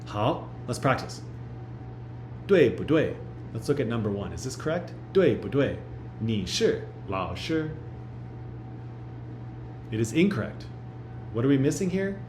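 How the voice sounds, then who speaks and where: A man teaching a recorded pre-class lesson, modelling each phrase slowly and repeating it for learners. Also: medium pitch, very animated, darkish tone, slight background noise. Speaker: language teacher. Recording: roomy echo.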